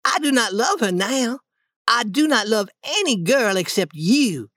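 A woman voicing an eager, boastful young schoolboy in a storybook reading, coaxing and lively. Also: a little high, a little slow, dry recording, clean studio sound.

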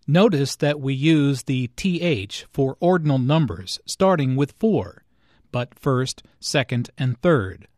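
Slow, measured male lesson narrator. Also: mid-range voice, animated, no room sound, studio quality. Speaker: language teacher. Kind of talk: scripted narration.

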